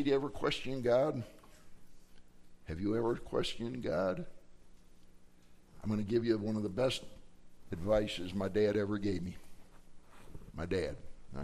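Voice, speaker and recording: A middle-aged male pastor preaching a sermon at a mid pitch. He talks in a folksy, chatty way and his voice leaps higher when he voices cries to God. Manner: folksy and conversational, acting out quoted prayers with rising pitch.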